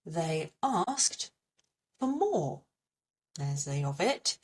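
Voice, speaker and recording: A woman's voice: lowish voice, very animated, takes it slowly, pauses often, distant mic. A woman with an English accent teaching a French pronunciation lesson, patiently repeating little memory tips.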